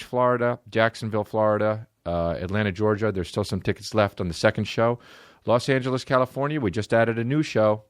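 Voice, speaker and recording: A male comedian riffs through a loose, swearing monologue, his pitch bouncing up and down with lively swings. He is close on a podcast mic with a dry, dead sound and no room around him. Fillers and restarts pile up as he talks. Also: dry recording. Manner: profane, rambling, many fillers, jumps into mock voices.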